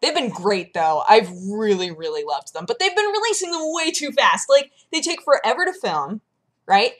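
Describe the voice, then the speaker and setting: A woman's voice: fairly high pitch, very animated, normal speed. A young woman vlogger chatting casually and telling a story, acting out her own reactions as she goes. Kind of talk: casual chat.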